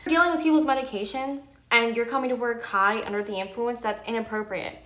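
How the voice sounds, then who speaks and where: Woman, 30s, vlogger; emphatic, heated storytime delivery, bright tone, recorded in an echoey room. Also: a little high, a little fast, hardly any pauses. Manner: heated, emphatic venting with many fillers. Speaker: pharmacy technician and nursing student. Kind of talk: candid vlog storytime.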